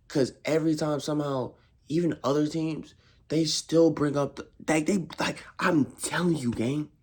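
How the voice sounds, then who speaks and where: A young man, a frustrated football fan, ranting in casual slang, repeating himself and swinging his voice high in exasperation. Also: vocal fry. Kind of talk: casual rant.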